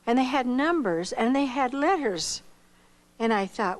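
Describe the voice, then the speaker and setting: An older woman and missionary, telling her own life story in an unhurried, folksy way with pauses and soft hesitations. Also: a little high, lively intonation, rough recording. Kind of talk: personal storytelling.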